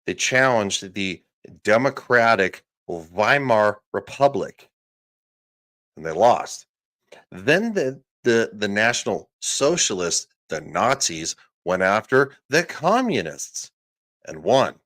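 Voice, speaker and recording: A man's voice: lowish voice, big pitch swings, slow, a bit bright. A man giving casual live commentary on a podcast clip, profane and sarcastic, with laughing asides. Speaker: streamer reacting to a podcast clip.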